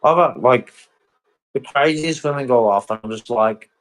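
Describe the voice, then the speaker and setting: A man's voice: mid-range voice, moderate pace, low-quality recording. A man ranting bluntly and repetitively in a casual vlog monologue. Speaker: vlogger.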